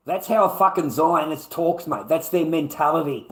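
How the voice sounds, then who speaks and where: A man's voice: fairly high pitch, animated, normal speed, hardly any pauses. A man with an Australian accent, ranting angrily and profanely at an unseen opponent on his livestream. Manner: angry, profane, lecturing.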